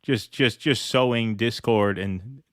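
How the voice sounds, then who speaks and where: A man's voice: mid-range voice, slow pace, no echo, clean studio sound. A man hosting a live political stream, chatting casually, joking, and reading viewer comments aloud.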